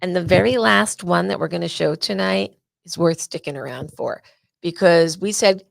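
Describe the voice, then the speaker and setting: A woman hosts a live awareness presentation in a low, gravelly voice. She talks chattily and gets openly emotional. The sound is close and dry. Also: normal speed, no echo. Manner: warm, emotional, chatty, uses y'all. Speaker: host of an awareness event.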